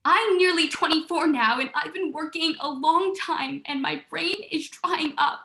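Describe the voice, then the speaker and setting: A woman's voice: high-pitched, unhurried, gravelly, bright, forceful tone, echoey room, exaggerated voice. A young actress playing a despairing young woman, weary of her life, speaking in anguished, repeating words. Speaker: student actor. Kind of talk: stage drama monologue.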